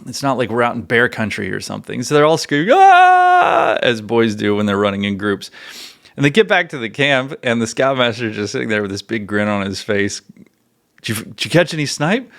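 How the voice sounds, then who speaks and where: A man in his forties hosting a podcast, telling stories in a casual way and turning animated and emphatic, with loud bursts. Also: lowish voice, brisk, gravelly. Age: 40s. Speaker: podcast host.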